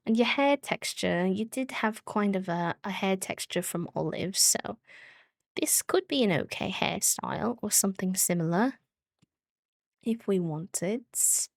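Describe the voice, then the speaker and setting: A woman's voice: mid-range voice, animated, takes it slowly, dry recording, clean studio sound. A woman streaming a game, chatting casually and giggling as she talks to her viewers. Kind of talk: casual live-stream chat while gaming.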